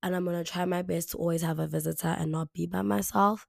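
Talking fast in a steady, slightly mellow voice that's hoarse, slightly raspy and deeper from the flu, a young South African woman hosts a casual solo podcast. She chats on, repeating herself and using many "like" fillers. She's recorded alone indoors on a camera mic, dry and studio quality.

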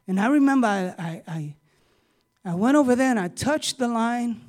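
A middle-aged man preaching a sermon, talking with the congregation through questions and building up to loud, emphatic preaching. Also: sits high. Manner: talks with the congregation, asking questions. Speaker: pastor.

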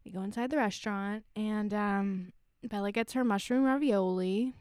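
A woman's voice: mid-range voice, normal speed, a little mellow, smooth, no echo, clean studio sound. A woman co-hosting a podcast, recapping a film in casual chat and often laughing through her words. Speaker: podcast co-host. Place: on a road trip with friends.

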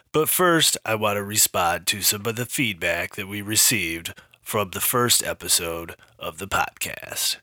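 A man doing a self-important podcast host with a stuffy nose, droning on in earnest about his own show and reading ads. The voice sits low, slow and dry, but it has a bright, forceful edge. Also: no room sound, heavily acted. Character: pompous male podcast host, self-promoting. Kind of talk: comedic parody podcast.

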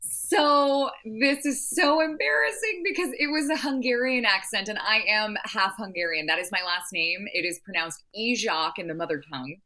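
An actress speaking in a casual interview, talking at length in a rambling way with frequent restarts. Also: female voice, medium pitch, moderate pace, few pauses, sharp tone. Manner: long-winded, rambling with restarts.

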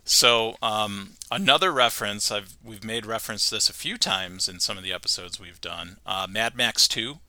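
A man hosting a podcast, recapping a cartoon episode with animated storytelling and frequent laughter. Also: fairly low pitch, moderate pace, few pauses, no room sound. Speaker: podcast host.

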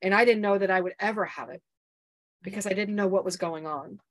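A middle-aged woman, a podcast guest who coaches mothers, telling a painful personal story in an interview, earnest and halting with many restarts. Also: mid-range voice.

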